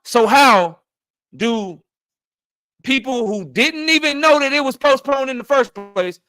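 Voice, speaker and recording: A man's voice: extremely high pitch, unhurried, sharp tone, no room sound. A middle-aged man hosting a channel, arguing his point insistently and with a lot of profanity in a heated debate. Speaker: channel host.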